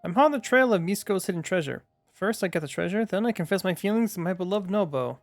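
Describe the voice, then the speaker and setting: A man's voice: high voice, expressive, fast, no room sound, soft background music, voice pushed up. A man putting on a preening fashion-obsessed young man. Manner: preening, theatrical, lovestruck. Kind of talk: reading game dialogue aloud in a voice.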